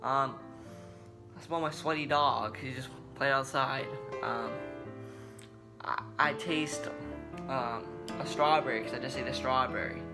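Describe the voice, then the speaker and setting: A young man talking casually to camera as a vlogger, halting with many fillers and restarts. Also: mid-range voice, steady tone. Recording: guitar music in background.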